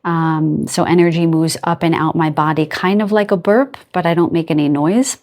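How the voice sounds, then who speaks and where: A woman giving a casual card reading to her viewers, gentle and affectionate, laughing softly as she rambles and restarts her sentences. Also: low voice, moderate pace. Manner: loose and rambling, trailing off and restarting. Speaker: tarot and oracle card reader.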